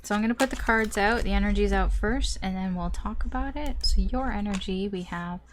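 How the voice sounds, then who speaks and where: A woman's voice: mid-range voice, brisk, background noise. Rambling woman reading tarot. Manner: rambling, many fillers and restarts; swears casually. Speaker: tarot reader. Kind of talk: casual tarot reading vlog.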